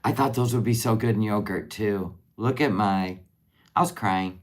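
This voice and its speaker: A crafter on a livestream chats casually in a mid-range voice at a moderate pace while finishing crafts. They ramble and answer viewer comments as they come in.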